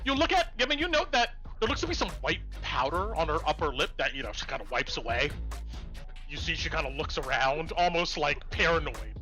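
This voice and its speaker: A man's voice: fairly high pitch, sing-song, a little fast, pushed and bright, faint music behind. A man narrating as game master of a tabletop game, rambling with lots of likes and ums.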